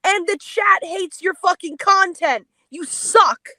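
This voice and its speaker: A woman's voice: extremely high pitch, takes it slowly, bright, forceful tone, no room sound. A woman on a livestream panel, angrily scolding another panelist with contemptuous insults over a call. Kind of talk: heated on-air confrontation.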